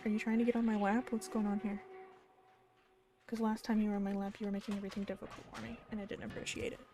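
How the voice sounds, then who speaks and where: A woman's voice: mid-range voice, level tone, fast talker. A young woman casually chatting and swearing through live game commentary at home, stopping to coo at her pet. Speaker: streamer. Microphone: desk microphone. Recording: loud background noise.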